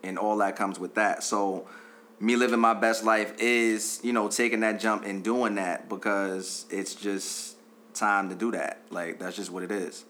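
Laid-back man with a bright low voice. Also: little pitch movement, unhurried, a little hiss or hum. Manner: laid-back, slangy, with "you know what I'm saying". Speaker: podcast guest. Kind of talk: casual podcast chat.

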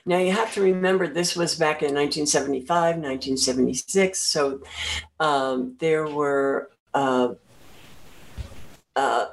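Low-voiced older woman telling stories haltingly. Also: low-quality recording. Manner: halting, rambling storyteller. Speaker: guest. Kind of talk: casual interview, reminiscing.

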